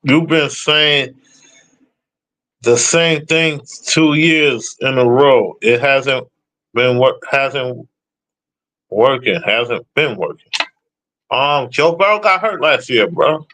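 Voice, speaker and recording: A man's voice: mid-range voice, slow, long pauses, pushed and bright. A man ranting casually about football predictions, blunt and profane as he answers his chat. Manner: profane, blunt, trash-talking. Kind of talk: casual sports rant.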